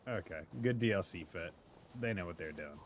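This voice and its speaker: A man's voice: low voice, animated, fairly quick, a little hiss or hum. A man streaming a video game live, chatting casually and joking as he plays. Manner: laid-back, joking, muttering asides. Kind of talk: casual live gameplay commentary.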